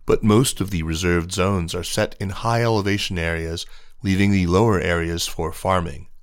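A man giving a scripted news feature narration in an even, measured reading. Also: deep voice, dry recording, clean studio sound.

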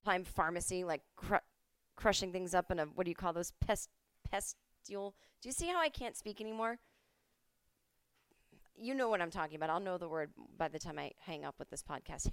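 A woman in her forties hosts a podcast from home, telling a rambling story in casual, profane chat. She slips into the voices of the people she quotes. Her voice is smooth and resonant, recorded close and dry with no room sound. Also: lowish voice, normal speed, pauses often, a bit bright, no room sound. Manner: chatty, swearing, acts out quoted voices. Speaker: podcast host.

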